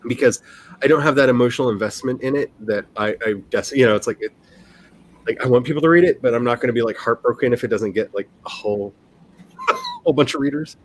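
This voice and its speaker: A man's voice: mid-range voice, quick pace. A man in his forties chatting casually on a livestream, rambling along, reading his chat and laughing often. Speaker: livestream host, writer.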